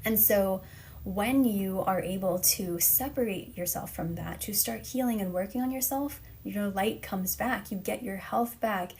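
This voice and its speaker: A woman's voice: medium pitch, measured pace, darkish tone, slight background noise. A woman relationship coach giving earnest, encouraging advice straight to the listener on a live stream, slightly out of breath.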